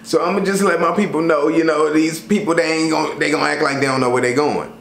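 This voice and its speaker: A man talking casually to camera about travel tips, slangy and animated, full of fillers. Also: a little high, fast, creaky. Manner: loose, slangy, animated storytelling with many fillers. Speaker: travel vlogger. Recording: roomy sound with faint ambient noise.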